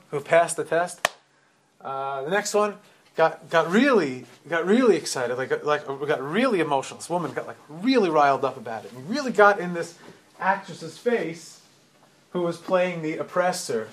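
A middle-aged man giving a storytelling sermon, retelling events animatedly with frequent restarts and repeated words. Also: fairly high pitch.

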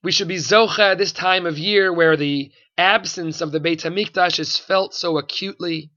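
Male religious teacher, fervent, repeats for emphasis, sharp tone. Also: sits high, moderate pace, highs cut off. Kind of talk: sermon-style Torah talk.

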